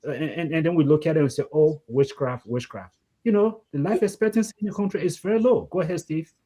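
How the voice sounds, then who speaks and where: A man, co-hosting a casual discussion and telling lively stories. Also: on the high side, racing, husky. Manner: animated storyteller, voices the people he quotes. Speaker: co-host.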